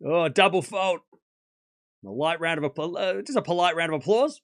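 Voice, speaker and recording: A man's voice: fairly high pitch, moderate pace, fairly bright tone. A man hosting a live tennis watchalong stream, calling points in chatty play-by-play, thanking donors and laughing often. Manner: chatty play-by-play, reads out donations.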